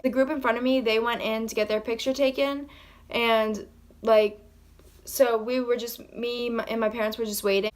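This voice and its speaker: Woman vlogger, a little high-pitched, casual storytime, excited and rambling, acts out the quotes. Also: normal speed. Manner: acts out quoted lines in her own voice.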